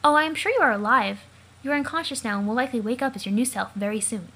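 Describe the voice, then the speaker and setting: A woman voicing a calm, knowing young woman who patiently explains, for a let's play of a comic. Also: on the high side, fast talker, slightly rough, low-quality recording.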